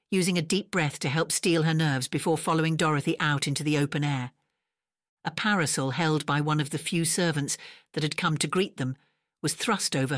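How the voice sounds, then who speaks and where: A woman narrating a romance audiobook in a measured, even storytelling manner, recorded close on a studio mic. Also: sits low, dry recording. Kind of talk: scripted narration.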